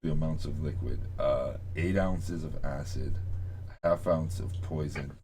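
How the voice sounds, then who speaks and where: A man's voice: rumbling low, unhurried, a little mellow, slight background noise. A man running a casual tabletop game as game master, rambling in a laid-back way and laughing often.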